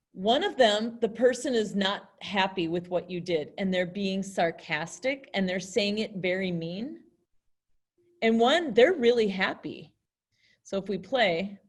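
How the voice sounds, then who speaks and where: A woman's voice: medium pitch, a little slow. A young woman teaching an online class in a chatty way, acting out example phrases in different tones. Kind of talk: virtual classroom lesson.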